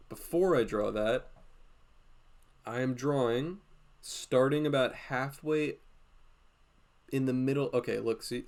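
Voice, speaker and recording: Gravelly-voiced man teaching drawing. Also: mid-range voice. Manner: thinks aloud, step-by-step, frequent "like" fillers. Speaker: drawing instructor streaming a class. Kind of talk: casual live drawing tutorial.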